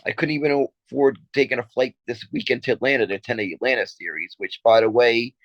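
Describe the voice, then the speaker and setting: A man co-hosting a podcast, telling stories in a halting, rambling way with many repeated words and frequent laughs. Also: mid-range voice, no room sound, dull audio. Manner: laughs often while talking. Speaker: podcast co-host. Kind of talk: casual chat.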